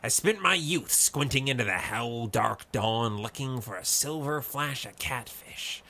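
A man's voice: mid-range voice, animated, unhurried, gravelly, pushed and bright, full character voice. Man voicing Codstone, an insistent stubborn colonel. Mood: urgent.

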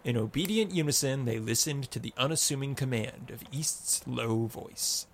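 A man narrating a story in a slow, expressive reading. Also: mid-range voice, a little hiss or hum.

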